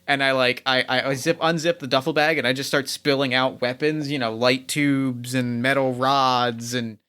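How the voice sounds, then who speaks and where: Bright-voiced eager player. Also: male voice, medium pitch, steady tone, moderate pace, smooth. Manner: eager, stumbling over repeated words. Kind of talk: describing his character's actions in a tabletop game.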